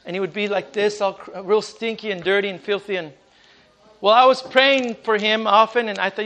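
A fervent male preacher with a notably high voice, telling testimony and calling out praise to God between sentences. He often stumbles over the first words of a phrase as he pushes on. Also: fairly quick, a bit bright. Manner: repeats words at the start of phrases. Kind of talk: sermon with personal testimony. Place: church service with congregation.

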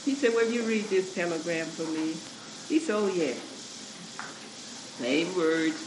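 A man's voice: high voice, normal speed. A man preaching a sermon, reading scripture and calling out to the congregation, laughing as he goes. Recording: echoey church room recording with noise.

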